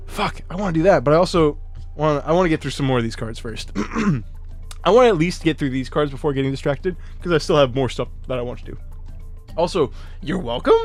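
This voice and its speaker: A man's voice: mid-range voice, expressive, a little fast, faint music behind. A man streaming casually, reading card text aloud and reacting to chat with profanity and frequent laughs.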